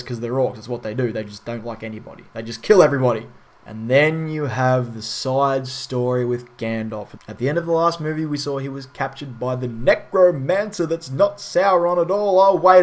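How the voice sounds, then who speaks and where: Frustrated man ranting about a film. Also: medium pitch. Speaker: film reviewer. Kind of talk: casual spoken review.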